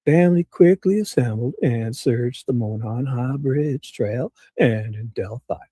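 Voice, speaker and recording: A man doing a pompous good-old-boy small-town prosecutor, reading in a slow drawl. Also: medium pitch, mellow, husky, no echo.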